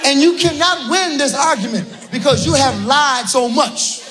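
Exasperated male comic with a high voice. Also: a little slow, over music. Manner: exasperated, shouting punchlines, laughing through lines. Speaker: stand-up comedian. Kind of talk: stand-up comedy set. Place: comedy club stage. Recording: live club audio with crowd noise. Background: audience laughter.

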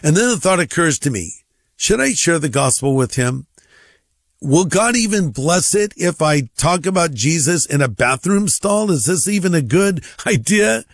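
A man's voice: fairly high pitch, lively intonation, moderate pace, no echo, soft background music. A middle-aged male pastor telling a humorous personal story, acting out the dialogue in a dry, droll way.

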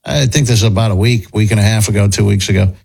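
A man's voice: on the low side, fast talker, vocal fry, a little mellow, breathy edge, poor audio. A man hosting a casual commentary chat, talking in a conversational way with restarts as he reacts and thinks aloud. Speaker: host.

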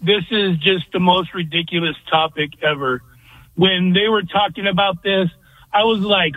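A man's voice: high-pitched, moderate pace, no echo. A man calling in to a sports radio show, giving blunt, ranting opinions. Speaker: caller. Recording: phone line.

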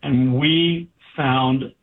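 A doctor in an interview tells a story in a medium-pitched voice at a very slow pace. He's animated and performs the dialogue as he goes. The sound is thin and tinny, like a phone call.

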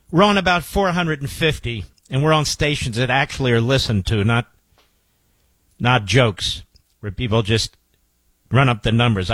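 A man's voice: on the high side, fairly bright tone, no echo. A man hosting a talk radio show, introducing archive clips in a reflective monologue and speaking proudly of his audience.

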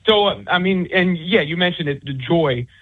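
Man, sports writer, interview guest, husky voice, rambling with restarts, tinny phone line. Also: a little high, animated, normal speed. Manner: rambling, many restarts and fillers. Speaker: author and sports commentator.

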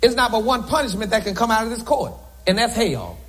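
A man's voice: high voice, big pitch swings, fairly quick, a bit bright. A man preaching a sermon to a congregation from the pulpit, with joking asides to the crowd. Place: church sanctuary.

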